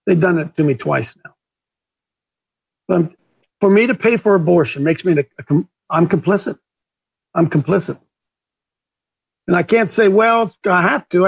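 A man's voice: high-pitched, creaky, slightly rough, highs cut off. A man hosting a talk radio show, preaching fervently and repeating his points for emphasis.

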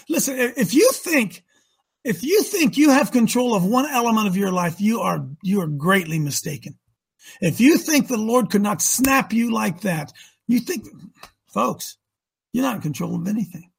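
A man hosting a talk show, preaching emphatically with rhetorical questions and swinging from loud to soft. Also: high voice, animated, moderate pace, gravelly, breathy edge. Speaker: host.

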